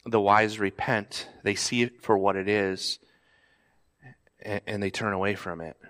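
Conversational in his preaching, this pastor has a fairly bright tone. Every so often he acts out pleading voices, lifting his pitch sharply.

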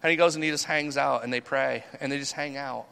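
A man preaching a sermon in a conversational, animated way, acting out the people he talks about. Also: mid-range voice, brisk, creaky, clean tone. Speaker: pastor.

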